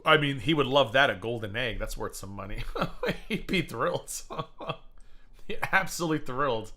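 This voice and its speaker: A man's voice: mid-range voice, animated, moderate pace, bright, forceful tone. A man hosting a livestream, talking casually in a gossipy, mocking way as he reacts to clips. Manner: gossipy, mocking, laughs a lot. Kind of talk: casual commentary stream.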